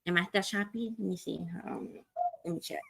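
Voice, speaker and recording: A woman's voice: medium pitch, creaky, a bit bright, low-quality recording. A woman hosting a casual livestream, talking bluntly and profanely, reading viewer comments aloud and answering them, often restarting her sentences. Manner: blunt, profane, fast rants with repeated restarts. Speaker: livestream host. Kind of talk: casual unscripted livestream talk. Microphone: computer mic on a livestream.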